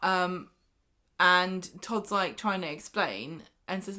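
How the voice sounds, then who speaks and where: A woman co-hosts a casual chat podcast, retelling events with animated quoted voices. Her voice sits a little low for a woman. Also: slow pace. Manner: lively storyteller who acts out quotes. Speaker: podcast co-host. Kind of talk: casual chat recapping a soap.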